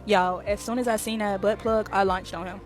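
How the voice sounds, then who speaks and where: Quick, chatty woman telling a storytime. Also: mid-range voice, steady tone, over music. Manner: chatty, addresses viewers as y'all. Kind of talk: casual storytime. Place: airport.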